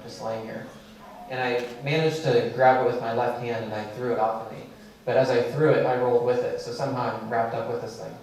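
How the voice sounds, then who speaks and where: Mann erzählt locker in hallendem Saal. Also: male voice, medium pitch, slight background noise. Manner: conversational, many fillers, animated storytelling. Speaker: keynote speaker. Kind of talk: storytelling keynote talk. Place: large lecture hall. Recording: echoey hall, mic from a distance.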